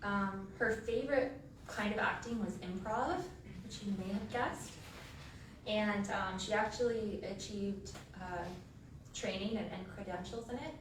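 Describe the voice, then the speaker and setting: A woman's voice: mid-range voice, a little slow. A woman telling funny family stories as a eulogy for her sister, laughing through the memories in a funeral home chapel. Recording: echoey hall from far off, noisy.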